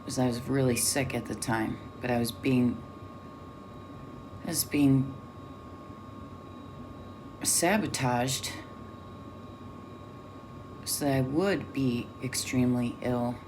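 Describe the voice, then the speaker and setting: A woman with an unusually low, deep voice talks straight to camera, blunt and full of swearing. She tells her own story candidly, with a faint hiss of noise behind her. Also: slow, pauses often. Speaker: vlogger.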